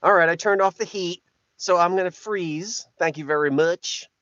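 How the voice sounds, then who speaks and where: A man's voice: sits high, moderate pace, a bit bright, dry recording. A man hosting a rambling live-stream chat from inside his parked truck, talking to viewers through a mounted camera in a jokey, self-interrupting way. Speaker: live-stream host, antiques seller. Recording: dull lo-fi sound with faint hum.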